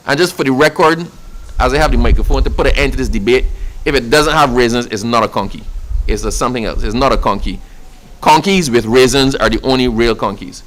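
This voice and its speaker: A man's voice: medium pitch, a little fast, a bit bright, low-quality recording. A man with a Barbadian accent answering a reporter at a press event, speaking with growing pride and emphatic repetition. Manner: passionate, building to proud emphatic declarations.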